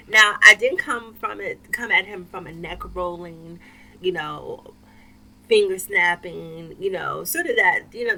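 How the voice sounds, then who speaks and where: A woman vlogger telling a personal story to camera in an expressive, emphatic way with wry asides. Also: lowish voice, gravelly, slight background noise, rough recording.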